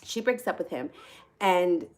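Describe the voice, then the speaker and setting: A woman's voice: on the low side, expressive, measured pace, a little mellow. A woman hosting a tarot channel, telling a personal story casually and candidly, laughing often and swearing freely. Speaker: tarot reader and channel host.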